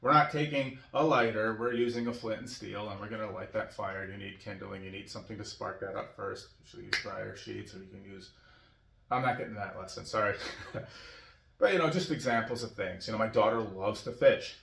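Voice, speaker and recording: A man's voice: on the low side, fairly quick, creaky, fairly bright tone, reverberant, recorded from a distance, slight background noise. A middle-aged man rambling casually about fatherhood, filling his talk with "you know" and chuckling often. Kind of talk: casual monologue.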